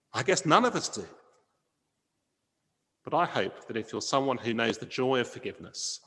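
A man's voice: mid-range voice, gravelly. Earnest preacher guy giving a sermon, lots of rhetorical questions, long echo from the hall. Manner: earnest, varies loudness for emphasis, rhetorical questions.

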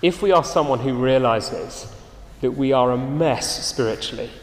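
Male preacher, mid pitch, emphatic sermon delivery, reverberant hall sound. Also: moderate pace. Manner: earnest, emphatic, drops to soft low endings.

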